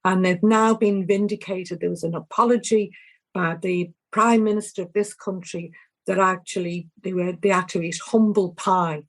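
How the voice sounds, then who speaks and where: An older woman with a Liverpool accent, an activist speaking with passion in an interview, halting and restarting often. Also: lowish voice, fairly even intonation. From England. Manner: impassioned, halting, with frequent restarts. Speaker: activist guest. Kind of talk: emotional interview testimony.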